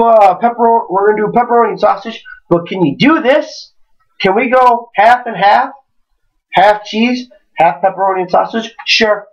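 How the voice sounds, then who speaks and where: Rambling man on a lo-fi distant mic. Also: high-pitched. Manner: rambling, animated, swears when worked up. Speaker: podcast co-host. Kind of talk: casual comedic storytelling. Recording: distant, dull lo-fi home recording.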